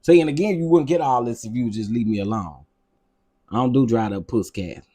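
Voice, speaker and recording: A man venting to his viewers in a loose, repetitive rant, circling back to the same complaints. His voice is mellow and husky, sitting in a middle pitch. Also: brisk. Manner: animated, repetitive, exasperated. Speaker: vlog host. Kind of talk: casual ranting vlog.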